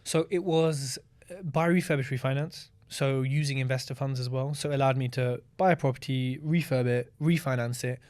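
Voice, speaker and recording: A man speaking as a guest in an interview, blunt and candid, telling stories in a lively way and swearing freely. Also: mid-range voice, moderate pace. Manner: animated storytelling with acted-out asides. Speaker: podcast guest, property investor. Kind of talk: casual interview talk.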